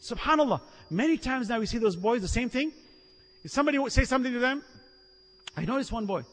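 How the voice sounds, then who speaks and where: A man preaching in a lively storytelling way, acting out the people in his stories and laughing along as he goes. His voice is high for a man and husky. It rings out with the long reverb of a large hall. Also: quick pace. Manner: animated storyteller acting out quotes, laughing often. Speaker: Islamic preacher. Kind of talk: sermon with storytelling.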